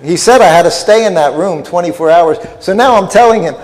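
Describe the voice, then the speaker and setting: A man's voice: a little high, lively intonation, fairly quick, few pauses, a little mellow. An older man telling a humorous, self-deprecating story as a festival speaker. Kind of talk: storytelling lecture. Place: festival hall. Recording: long reverb in a hall.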